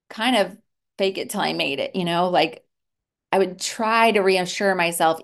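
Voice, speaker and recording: A woman, a therapist speaking in a candid podcast conversation, earnest and reflective with soft laughs. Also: medium pitch, vocal fry. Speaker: therapist and guest.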